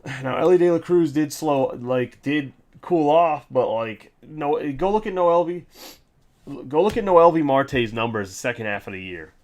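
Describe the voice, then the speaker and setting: Male card-break host, casual livestream chatter, reels off names in rapid lists, sarcastic and ranty between them. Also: fairly high pitch, expressive, a little mellow. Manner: rattles off player names in quick lists; sarcastic, ranting asides.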